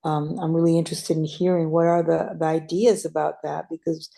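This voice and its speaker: A Brazilian woman talks in a casual online meeting over a video call, her low voice gravelly yet mellow, flat and a little fast. She sounds tired and hesitant, restarting often.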